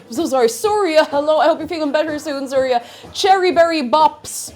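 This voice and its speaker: High-voiced bubbly woman streamer. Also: expressive, moderate pace. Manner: bubbly, chants and greets chat loudly. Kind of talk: casual live-stream chat.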